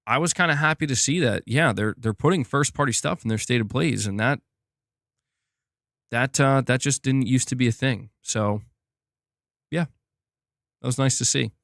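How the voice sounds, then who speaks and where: A man's voice: medium pitch, normal speed, creaky, long pauses, a bit bright, no echo, studio quality. A young man streaming about gaming news, chatting casually and reading viewer comments, rambling with lots of "like" and restarting sentences. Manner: rambling, many "like" fillers and restarts.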